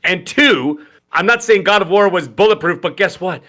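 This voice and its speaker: A man from Canada co-hosting a gaming podcast, joking and telling animated stories in casual chat. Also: high voice, moderate pace. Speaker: podcast co-host.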